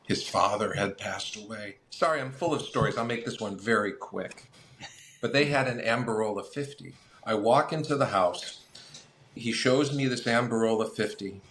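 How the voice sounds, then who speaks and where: Man spinning lively collector anecdotes. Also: on the low side, slight background noise. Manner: lively anecdotal storyteller with acted quotes. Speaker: guest, phonograph collector. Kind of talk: casual storytelling.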